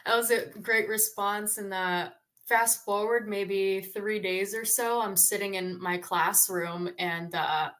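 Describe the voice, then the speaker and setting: Young female guest in her 20s, animated storyteller, chatty, mid-pitched. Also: takes it slowly, few pauses. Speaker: podcast guest, tradeswoman. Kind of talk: casual interview storytelling.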